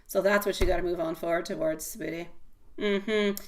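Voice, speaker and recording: A woman's voice: fairly low pitch, steady tone, normal speed. A woman giving a live-stream tarot reading, delivering an encouraging, affectionate pep talk full of pet names. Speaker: tarot reader.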